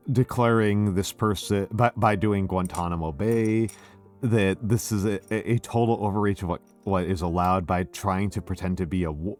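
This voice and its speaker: An older American man hosting a casual, tipsy drinking stream, rambling and self-deprecating, swearing freely. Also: fairly low pitch. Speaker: streamer host.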